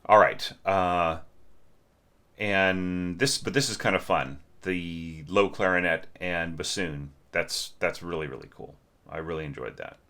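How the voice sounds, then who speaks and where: Deep-voiced man critiquing a score. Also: measured pace, pushed and bright. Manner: sings phrases to illustrate, thinks aloud with restarts. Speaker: orchestration teacher.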